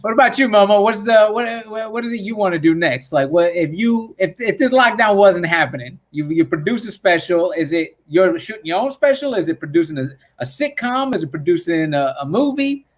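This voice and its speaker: High-voiced podcast host asking questions. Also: male voice, lively intonation, fairly quick, few pauses. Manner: asks probing follow-up questions. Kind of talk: casual podcast interview.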